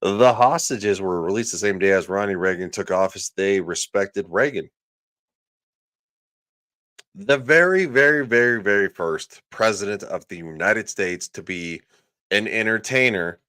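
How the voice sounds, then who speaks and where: A man's voice: lowish voice, a little slow, pushed and bright, dry recording, studio quality. A man hosting a livestream, ranting sarcastically and crudely, often reading out viewers' chat comments. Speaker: livestream host.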